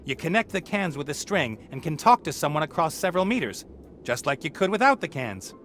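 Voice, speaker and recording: Sly, mock-gallant young adventurer; lively intonation, game music behind. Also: male voice, on the high side, fairly quick. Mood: teasing. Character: sly young male adventurer posing as a hatter.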